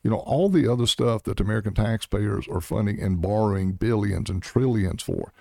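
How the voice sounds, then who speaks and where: Gravelly, blunt-talking middle-aged man. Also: fairly low pitch, a little fast, a little mellow, no echo, clean studio sound. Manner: blunt, emphatic, punchy short commands. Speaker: Senate candidate guest. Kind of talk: political interview.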